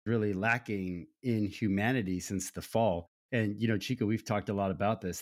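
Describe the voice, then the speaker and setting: An American man co-hosting a Christian podcast, speaking in an earnest, reflective way. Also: on the low side. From United States. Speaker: podcast co-host. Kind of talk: casual faith podcast chat.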